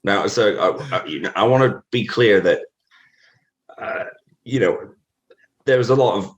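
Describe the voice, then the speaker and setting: A man's voice: lowish voice, unhurried. A British man in his thirties, a guest telling stories in a casual interview, rambling with many fillers and restarts. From Britain.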